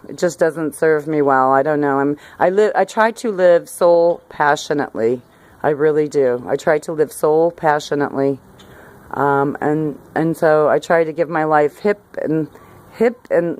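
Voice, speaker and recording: A woman's voice: sits low, a little mellow, dry recording. A middle-aged woman vlogging outdoors by a hillside garden, talking casually to camera in a rambling way, breaking off her sentences and laughing often.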